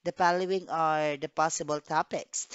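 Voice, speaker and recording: A woman's voice: sits low, fairly even intonation, moderate pace, clear, resonant tone, dry recording. A woman English teacher giving a recorded lesson, explaining tasks step by step and checking in with "okay". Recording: dull dry recording.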